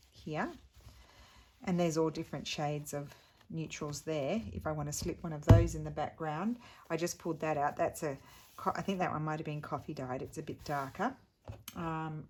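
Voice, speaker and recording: A middle-aged woman hosting a casual craft tutorial, chatting in a rambling way that trails off and restarts as she shows her materials. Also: sits low.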